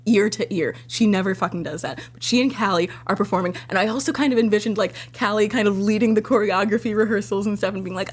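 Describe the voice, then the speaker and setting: Fairly quick and with few pauses, a young woman talks through her own video as casual director's commentary. She's gushing and excitable, swears frequently, and squeals up high when passion takes over.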